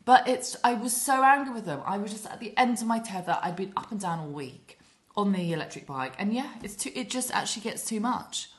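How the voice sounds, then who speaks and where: A woman's voice: medium pitch, a little fast. A woman in her thirties co-hosting a podcast, telling stories animatedly and swearing as she goes. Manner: animated storyteller, swears, acts out quotes. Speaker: podcast co-host. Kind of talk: casual chat.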